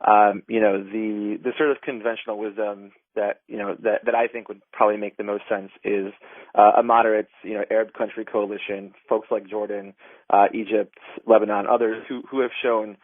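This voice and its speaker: Over a tinny telephone line, a man who directs an advocacy group does a radio interview. His voice is fairly low and flat, he talks fairly quickly, and there's no echo. He sounds earnest but keeps using fillers and restarting sentences.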